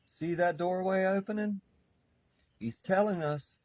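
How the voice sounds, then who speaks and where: A man's voice: mid-range voice, animated, slow pace, darkish tone, husky, no echo, poor audio. A man doing a spiritual tarot reading, speaking fervently like a preacher and repeating phrases for emphasis. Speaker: tarot reader.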